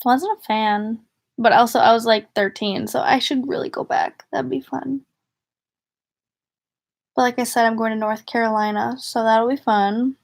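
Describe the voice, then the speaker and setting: Chatty young woman vlogger, slightly high. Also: steady tone, normal speed, creaky. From northern United States. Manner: chatty, rambling, giggly. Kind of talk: casual livestream chat.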